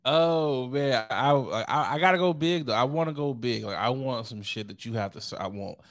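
A man co-hosting a podcast in casual chat, playful and jokey, with loud laughs. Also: medium pitch, normal speed, dry recording. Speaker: podcast co-host.

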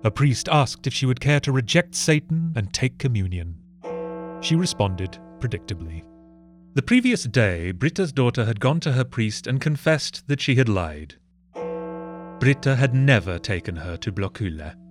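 A man narrating a comedic history story with sardonic, deadpan asides. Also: mid-range voice.

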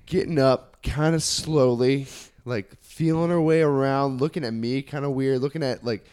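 A man telling a long story in casual chat, animated and rambling, with many restarts. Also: mid-range voice, moderate pace, clean tone.

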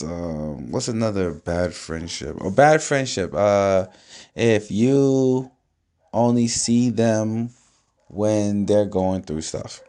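Low-voiced man in loose, profane vlog talk. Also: dark tone. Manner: loose, streetwise, swears freely, keeps asking "you know what I'm saying". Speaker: vlogger. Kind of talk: casual solo talk to camera.

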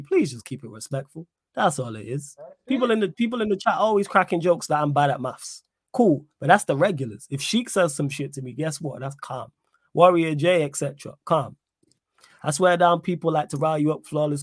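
A young man, chatting on a live-stream podcast with a slightly high voice. He talks in an animated, slangy way and reads the chat aloud. The sound is dry and close to the mic. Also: brisk, no echo. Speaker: podcast host.

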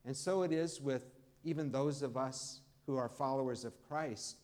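Male pastor, mid-pitched, conversational sermon delivery with emphatic stresses. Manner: preaching, warm conversational pauses, emphatic rises. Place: church.

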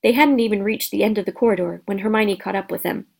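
A woman reading a children's storybook aloud as narrator, steady and expressive. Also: medium pitch, quick pace, creaky, slightly rough. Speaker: audiobook narrator.

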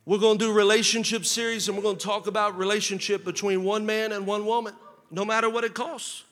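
High-voiced male preacher in a reverberant hall. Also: a little fast, soft background music. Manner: preaching with rising, shouted emphasis and rhetorical questions. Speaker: pastor. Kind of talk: sermon.

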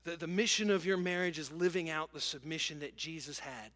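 A man's voice: on the high side, normal speed. A middle-aged male pastor preaching a sermon in an earnest way, often repeating words and restarting. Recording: music playing softly behind.

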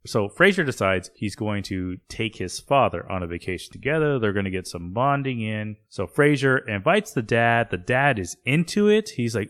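Animated low-voiced man, podcast host. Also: normal speed, few pauses. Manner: animated, laughs often. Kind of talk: casual chat recapping a sitcom episode.

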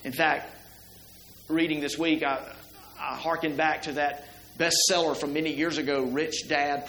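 A man's voice: fairly high pitch, fairly bright tone, echoey room, a little hiss or hum, rough recording. A middle-aged man preaching a sermon to his congregation in a church, talking conversationally and asking the listeners many rhetorical questions. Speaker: pastor. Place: church sanctuary.

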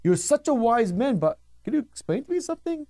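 A man playing a mocking philosopher, high and pushy, bouncing pitch, insistent questions. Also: big pitch swings, fairly quick, dark tone, full character voice. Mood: scoffing. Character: scoffing male philosopher, adult, sure of himself.

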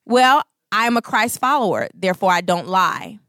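Bright, animated woman telling stories. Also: mid-range voice, normal speed, no room sound, studio quality. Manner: expressive, acts out voices, laughs. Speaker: Christian speaker on marriage. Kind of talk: animated storytelling talk.

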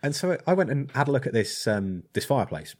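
A blacksmith telling a rambling, hesitant story in casual chat. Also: male voice, mid-range voice, sing-song, brisk, darkish tone. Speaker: blacksmith and podcast co-host.

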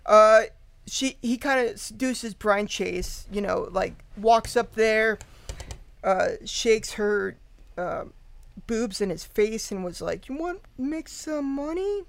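A woman's voice: mid-range voice, takes it slowly, vocal fry. A woman guest casually retelling a true-crime story, rambling with lots of fillers, laughing and swearing. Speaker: podcast guest.

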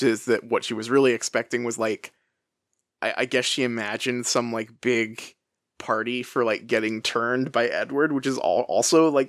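Male podcast co-host, middle pitch, dry mic, lively halting delivery full of laughs. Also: no echo. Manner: animated, laughing, halting restarts. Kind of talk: casual book discussion with read-aloud passages.

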